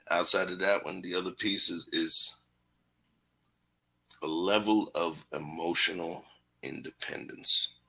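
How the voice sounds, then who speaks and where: A man's voice: low-pitched, steady tone, measured pace, creaky, pauses often, pushed and bright, husky. A man hosting a casual talk show, telling stories with slang in a laid-back, preachy way. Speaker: host.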